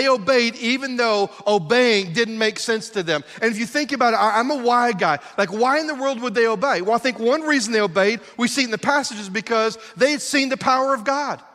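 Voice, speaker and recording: A middle-aged man preaching a sermon with a strikingly high, bright voice. He leans on rhetorical questions and emphatic repetition, and his words ring out with a long reverb in a church hall. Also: expressive, brisk. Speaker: pastor. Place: church sanctuary.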